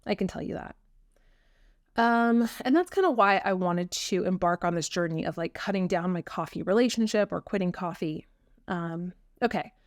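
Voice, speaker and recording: A woman's voice: lowish voice, moderate pace, dry recording, clean studio sound. A woman hosting her own podcast, talking earnestly and frankly with frequent ums in a casual solo chat. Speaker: podcast host.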